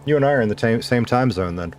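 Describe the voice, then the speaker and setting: A man's voice: mid-range voice, expressive, quick pace, slight background noise. A man streaming a game, chatting casually and rambling between talking to himself and greeting his viewers. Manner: rambling, talks to himself and to chat. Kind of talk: casual livestream chat while gaming.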